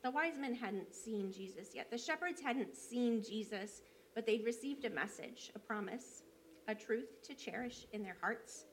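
A fairly high-voiced woman preaches as a church elder. She tells her story in an easy, conversational way, with plenty of ums and small restarts. A faint hum of room noise sits under her voice. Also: a little slow. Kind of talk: sermon.

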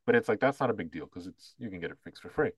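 A man's voice: on the low side, lively intonation, racing, breathy edge, dry recording, muffled recording. A man co-hosting a podcast in casual chat, blunt and profane, rambling with many fillers. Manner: mocking voices when quoting others. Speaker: podcast co-host.

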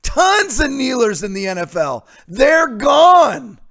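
A male talk show host giving an opinionated, sarcastic commentary monologue that rises into shouted outbursts. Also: high voice, huge pitch swings, normal speed.

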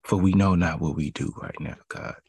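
Male preacher, low gravelly voice, slow and emphatic, built on repeated phrases. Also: steady tone, a little mellow, no echo. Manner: emphatic, repetitive preaching cadence. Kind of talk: devotional sermon.

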